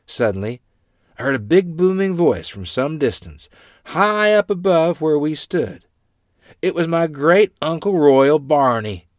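A man telling a family tale with a lively, rising and falling voice. His delivery is expressive, and the recording is dry and close. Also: fairly high pitch, a little slow, no echo. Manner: lively, animated reading with character voices. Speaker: storyteller. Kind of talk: storytelling narration.

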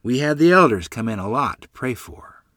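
A man voicing a worried rural mother in a read-aloud family story, pitching his voice up to play her. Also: animated, brisk, bright, forceful tone, no room sound, clean studio sound. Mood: relieved. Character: worried rural mother, middle-aged woman.

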